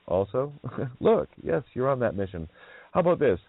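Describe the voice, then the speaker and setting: This male radio host has a lowish voice and is very animated, keeping a moderate pace with frequent pauses; the line is dry and tinny like a phone, without room sound. He rambles casually through a wordplay-heavy monologue, laughing a lot and cursing freely.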